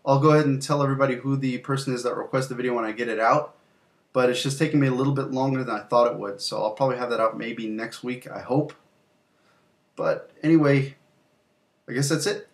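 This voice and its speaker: In a casual video, a young male host shows off his collected games in a rambling way, with fillers and mild swearing. His medium-pitched voice keeps a fairly even intonation at a quick pace.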